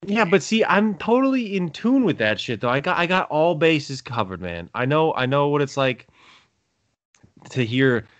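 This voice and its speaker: A man's voice: fairly high pitch, sing-song, normal speed, dry recording. A young man co-hosting a podcast, rambling in crude casual chat, cursing and joking. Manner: rambling, profane, jokey, laughs a lot. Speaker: podcast co-host.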